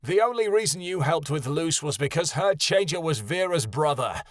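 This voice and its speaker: A man voicing a defiant, hot-tempered young man who argues and yells nastily. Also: a little high, animated, normal speed, no echo, studio quality. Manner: defiant, nasty, yelling.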